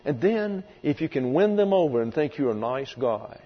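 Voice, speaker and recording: A man's voice: mid-range voice, big pitch swings, moderate pace. A man preaching an expository sermon, emphatic and vivid, sometimes acting out voices. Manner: emphatic, acts out voices in quotes. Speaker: pastor. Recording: reverberant hall, dull lo-fi sound, mains hum.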